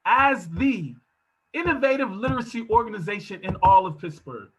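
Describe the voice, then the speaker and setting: A man giving a motivational talk over a video call from his home office, speaking in an emphatic, preacherly style that swells into shouts. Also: high voice, lively intonation, moderate pace, slightly rough, poor audio. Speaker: guest speaker.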